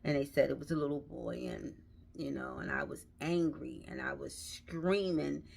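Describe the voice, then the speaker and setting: A middle-aged woman telling a painful personal story in a halting, emotional way, with many restarts. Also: extremely low pitch, gravelly, a little mellow, husky.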